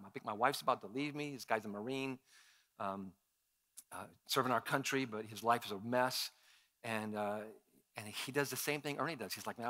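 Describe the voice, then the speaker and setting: A male pastor preaching a sermon, telling personal stories and acting out his own past lines with animated shifts. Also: medium pitch. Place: church sanctuary.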